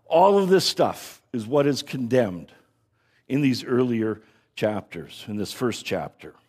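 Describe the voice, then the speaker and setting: A man's voice: medium pitch, very animated, unhurried, darkish tone, breathy edge. A man teaching a casual lecture on scripture, talking conversationally, checking in with listeners and often restarting his phrases. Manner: frequent restarts and repeated words. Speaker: Bible teacher.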